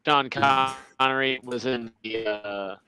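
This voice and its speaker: Man, co-host, bright, smooth voice, laid-back chat. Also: mid-range voice, fairly even intonation, takes it slowly. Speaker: podcast co-host. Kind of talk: casual live-stream banter.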